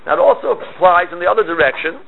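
Male teacher, halting lecture, fairly high voice, tinny phone-like sound. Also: big pitch swings, gravelly. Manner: halting, many restarts and fillers. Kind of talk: lecture on Hebrew grammar. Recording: tinny phone-like line, faint hiss.

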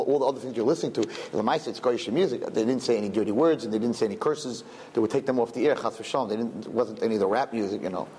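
A man's voice: mid-range voice, a little hiss or hum. A middle-aged man giving a sermon as a rabbi, telling stories with jokes and acting out voices. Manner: animated, joking, acts out voices.

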